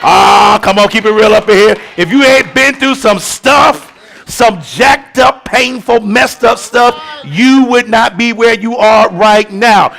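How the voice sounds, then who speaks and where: Gravelly, fiery preacher man. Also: high-pitched, slow. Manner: shouting, rhythmic preaching with colloquial asides. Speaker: bishop preaching. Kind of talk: sermon.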